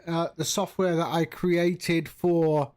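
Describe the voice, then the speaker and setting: A man with a slightly high voice speaks slowly while chatting with his stream audience, relaxed and rambling, as he gets a flight simulator ready.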